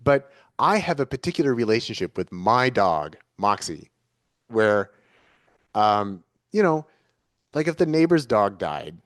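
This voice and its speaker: Earnest man with a lowish voice. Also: big pitch swings, a little slow, no room sound, clean studio sound. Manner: earnest, searching, circles back to restate ideas. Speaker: interview guest. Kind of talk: reflective conversational interview.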